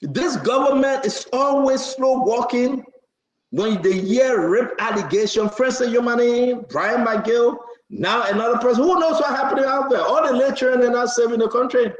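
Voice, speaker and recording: High-voiced man, emphatic host. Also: normal speed, roomy sound, dull audio. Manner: emphatic, repeats phrases, laughs between points. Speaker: talk show host. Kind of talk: live talk show commentary.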